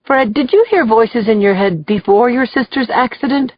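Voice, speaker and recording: Woman reading a cool, measured male lawyer. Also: on the high side, no echo, muffled recording, voice pushed up, lightly acted. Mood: calm. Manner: calm, measured. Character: composed male defense lawyer, even-toned.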